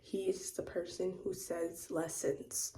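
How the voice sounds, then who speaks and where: A young woman telling a rambling personal story in a casual rant, full of "like" and "you know", often dropping to a hushed half-whisper. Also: on the low side, flat delivery, measured pace, vocal fry, slight background noise. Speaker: vlogger.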